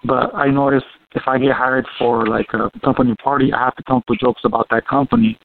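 Gravelly Mexican-accented man, tinny sound. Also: mid-range voice, slight background noise. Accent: Mexican Spanish. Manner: halting, loose phrasing. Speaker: podcast host and comedian. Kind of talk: casual podcast interview. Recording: gravelly voice on a tinny phone-like line.

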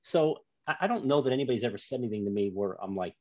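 A man's voice: medium pitch, expressive, rapid-fire, a little mellow, no echo. A man, a guest author and documentary maker, telling rambling stories in an easy, self-mocking way in a casual interview chat. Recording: dull lo-fi sound.

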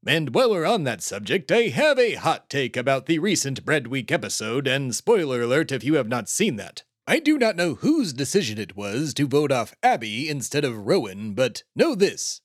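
A man playing a pompous, self-important patriot senator who delivers grandiose claims with a deadpan manner. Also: medium pitch, dry recording, studio quality. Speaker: comedy podcast host. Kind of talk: scripted comedy sketch.

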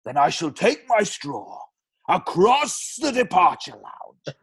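Man putting on a Welsh-accented oil baron, spoof advert pitch, lively swings of pitch, husky edge, dry sound. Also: slow pace, exaggerated voice. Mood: mock salesman. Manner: drawling, breaking into laughter, shouting at the climax. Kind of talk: comedic podcast advert sketch.

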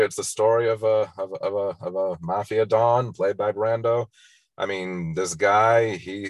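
A man's voice: lowish voice, no room sound. A man hosting a casual movie countdown, talking wryly and sarcastically with frequent laughs. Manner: wry, sarcastic, laughs often. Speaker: host.

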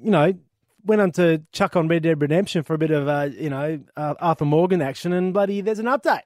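An Australian man in his forties co-hosting a gaming podcast, telling blokey, animated stories in casual banter. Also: a little high, a little fast, no room sound, clean studio sound. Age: 40s. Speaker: podcast co-host.

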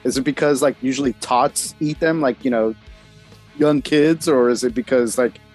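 A man's voice: mid-range voice, normal speed, darkish tone, faint music behind. A man hosting a podcast in easygoing casual chat, agreeable and swearing casually. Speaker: podcast host.

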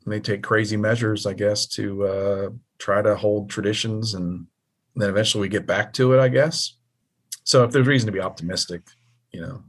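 A man's voice: on the low side, steady tone, moderate pace, husky. A man co-hosting a podcast, rambling in a laid-back way and swearing casually. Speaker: podcast co-host. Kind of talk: casual chat.

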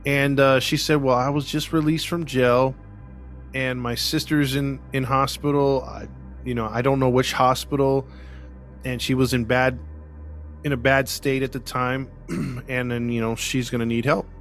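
Man telling a true-crime story, animated. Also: medium pitch, measured pace, soft background music. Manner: animated retelling, acts out quoted voices, laughs often. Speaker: podcast host. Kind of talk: casual storytelling chat.

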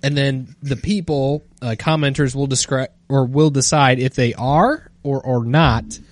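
A man co-hosting a podcast in an easygoing way, reading posts aloud with small pauses. His voice sits at an ordinary middle pitch. He sounds relaxed and unhurried. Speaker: podcast co-host.

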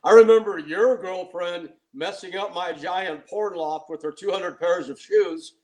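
A man's voice: high-pitched, measured pace, a little mellow, low-quality recording. Laid-back man hosting an interview. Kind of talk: casual interview talk.

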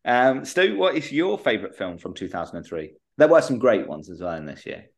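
A man's voice: medium pitch, big pitch swings, fairly quick, gravelly. A man co-hosting a casual podcast, chatting in a bouncy, upbeat way. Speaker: podcast co-host.

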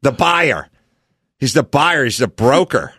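Lively, bright-voiced joking host. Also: male voice, mid-range voice, slight background noise. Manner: riffing, joking, rapid banter. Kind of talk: casual chat.

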